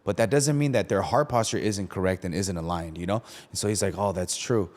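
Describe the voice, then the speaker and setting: A young male pastor chats casually on a podcast in a deep, darkish voice, talking fast. His delivery is conversational and packed with fillers, and he acts out the quotes he relays.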